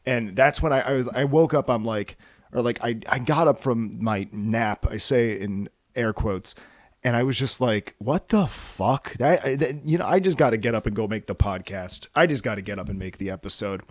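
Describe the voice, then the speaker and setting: A man's voice: medium pitch, moderate pace, no echo, studio quality. A man hosting a solo casual podcast, rambling and cursing with self-mocking jokes, tired from too little sleep. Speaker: podcast host.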